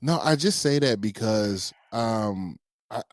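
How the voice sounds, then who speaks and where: A man's voice: lowish voice, expressive, slow, dry recording, clean studio sound. A man co-hosting a podcast in easygoing casual chat, telling stories and asking his co-host questions.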